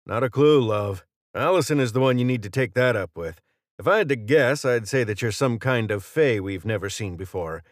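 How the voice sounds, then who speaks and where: A man reading the lines of a gruff male mercenary who talks in brusque, clipped banter. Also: medium pitch, expressive, normal speed, no echo, clean studio sound, close to an everyday voice.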